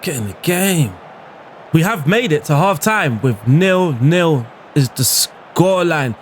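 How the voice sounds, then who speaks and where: A man's voice: fairly high pitch, lively intonation, slow, a little hiss or hum. A man commentating on his own football game as a YouTuber, exclaiming and groaning at every chance. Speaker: gaming YouTuber.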